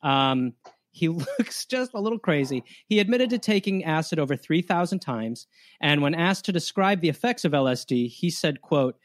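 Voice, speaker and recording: A man's voice: a little high, lively intonation, normal speed. A man hosting a comedy podcast, telling a history story in a loose, joking way with asides. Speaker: podcast host.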